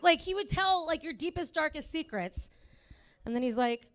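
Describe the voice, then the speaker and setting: A woman doing stand-up on a club stage. Her voice is high and swings up and down a lot. She chats with the crowd, full of "like" and casual swearing. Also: expressive, moderate pace. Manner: chatty, with lots of "like" and cursing. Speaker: stand-up comedian. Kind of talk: stand-up set.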